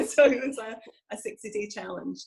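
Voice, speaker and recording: A woman's voice: fairly high pitch, lively intonation, normal speed, vocal fry, low-quality recording. A woman with a Scottish accent, a guest in a conversational interview, speaking earnestly and reflectively over a video call.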